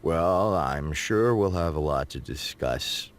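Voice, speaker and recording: A male narrator voicing a self-absorbed male talk show host with a low, blunt, pompous delivery. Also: expressive, slow, heavily acted. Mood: shaky.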